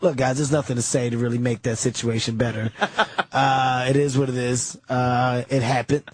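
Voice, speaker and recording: A man doing a gruff, deep-voiced deadpan guy. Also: moderate pace, slight background noise, natural voice. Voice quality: deep, flat and unbothered. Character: gruff deadpan adult male comic shrugging off embarrassment.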